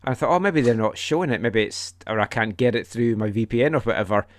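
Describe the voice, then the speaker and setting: A man hosting a casual podcast chat, animated, his voice jumping up high when he tells a story. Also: quick pace. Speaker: podcast host.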